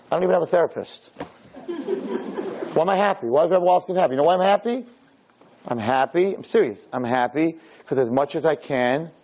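A rabbi gives a Torah lecture to people gathered live in a room, stressing his words, going over his points again, and letting his pitch rise and fall. The sound is a little mellow, with the highs cut off.

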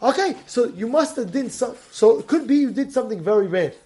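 A man teaching a Torah lesson, telling a story with much feeling and acting out its voices, swinging from loud calls to hushed lines. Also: very high voice, expressive, fairly quick. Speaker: rabbi.

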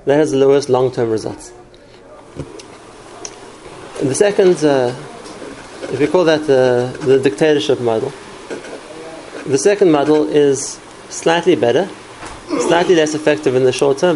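A man's voice: medium pitch, normal speed, noisy background. A man teaching a class on parenting, explaining through stories and examples and answering questions.

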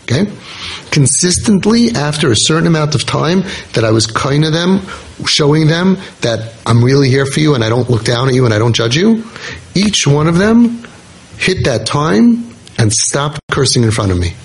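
A man's voice: fairly high pitch, expressive, moderate pace, poor audio. A man hosting a parenting podcast, telling a true story in an earnest, casual way and repeating key points for emphasis.

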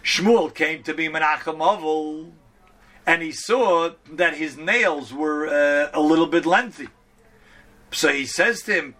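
A man giving a Talmud lesson, quoting Hebrew and Aramaic texts and explaining them in an animated way. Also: on the high side, measured pace. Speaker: Torah teacher. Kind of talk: Talmud class teaching.

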